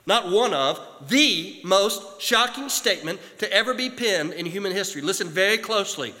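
A male preacher delivering a sermon. He slows down and drops low on key phrases. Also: lively intonation, pushed and bright. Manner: dramatic, slowing down and dropping low on key phrases. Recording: hall reverb.

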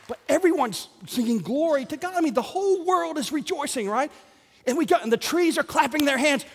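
A man preaching a comic, animated sermon, poking fun at himself and bursting into shouts. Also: extremely high pitch, brisk, big-room sound, a faint crowd, a little hiss or hum. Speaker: pastor. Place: large church sanctuary.

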